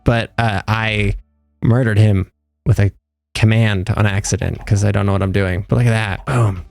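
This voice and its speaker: Young male streamer, gravelly fry, dry close sound, rambling and joking with chat. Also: lowish voice, fairly even intonation, moderate pace, a little mellow, no room sound, soft background music. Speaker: livestreamer. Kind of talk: casual live gameplay chat.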